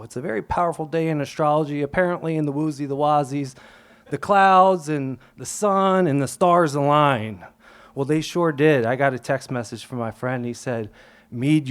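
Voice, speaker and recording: A young adult man tells a true story to a live audience. He acts out the quotes and shifts his voice, at times falling to a hush. His tone is relaxed and conversational. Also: medium pitch. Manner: animated, acts out quotes, drops to whispers. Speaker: storyteller on stage.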